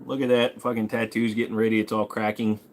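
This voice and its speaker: A man in his forties hosts a relaxed livestream, reading viewer questions aloud and joking back with some swearing. His lowish voice is level in tone and quick.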